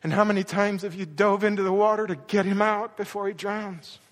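A male pastor preaches a sermon with passion, acting out quoted words with rising intensity. His voice is high with fairly even intonation and a brisk pace. The recording carries long hall reverb.

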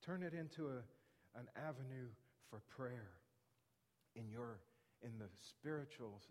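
A man's voice: medium pitch, a little slow. A man preaching a sermon as a pastor, earnest, repeating his questions for emphasis. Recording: reverberant hall.

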